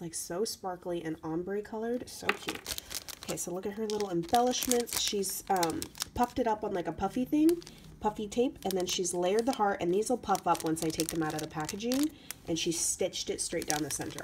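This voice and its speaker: A woman doing a casual craft unboxing vlog, chatty and gushing, her voice going hoarse. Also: mid-range voice, background noise. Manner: gushing, chatty, lots of "so cute" and "you guys". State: voice getting hoarse. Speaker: craft vlogger opening mail.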